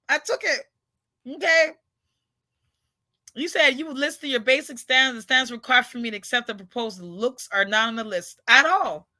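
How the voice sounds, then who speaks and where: A woman's voice: high voice, pushed and bright. A woman hosting her channel, chatting casually with viewers in a brash, joking way and laughing often. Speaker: channel host.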